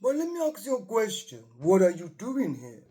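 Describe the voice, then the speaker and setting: A woman putting on the voice of an elderly male film actor with a deep voice, speaking with slow, gentle insistence. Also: huge pitch swings. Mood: admiring.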